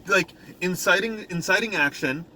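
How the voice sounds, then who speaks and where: A man co-hosting a podcast, chatting casually and exasperatedly about a bad movie and acting out its scenes in quick mocking voices. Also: high-pitched, pushed and bright, slight background noise, rough recording. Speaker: podcast co-host. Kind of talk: casual movie review chat.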